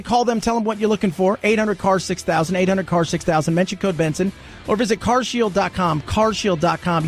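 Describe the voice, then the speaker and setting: A man's voice: sits high, dry recording, studio quality. A man hosting a talk radio show, chatting casually in a wry, sarcastic way.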